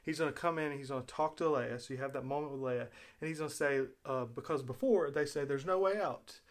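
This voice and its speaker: A man's voice: mid-range voice, fairly even intonation, quick pace. A man hosting his own video, talking in a casual, rambling way as he retells a story, with fillers and restarts. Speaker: video host. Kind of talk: casual spoken commentary.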